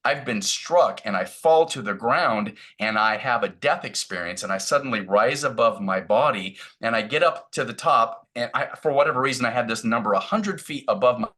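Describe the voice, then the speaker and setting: A man who is a podcast guest on a video call, telling a story in an animated way and acting out the dialogue. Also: fairly quick, hardly any pauses. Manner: animated, acts out dialogue with big pitch jumps. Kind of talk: storytelling in conversation.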